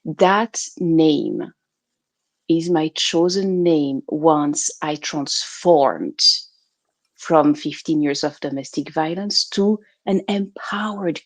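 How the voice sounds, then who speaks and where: French-accented woman, slow and animated. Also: deep voice, no room sound. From France. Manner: animated, laughs often, restarts phrases. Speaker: guest. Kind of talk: casual interview chat.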